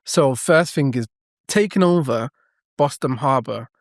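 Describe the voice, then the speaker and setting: A man from England, co-hosting a podcast in casual chat, talking with quick restarts and frequent laughs. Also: mid-range voice, animated, no room sound, studio quality. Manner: chatty, laughs often, many restarts. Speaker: podcast co-host.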